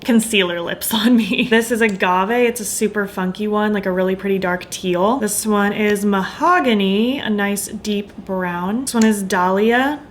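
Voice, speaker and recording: A woman's voice: mid-range voice, moderate pace, few pauses, slight background noise. A young adult woman chatting in a casual beauty vlog, bubbly and enthusiastic, her voice a bit tired from hours of filming. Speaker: beauty vlogger.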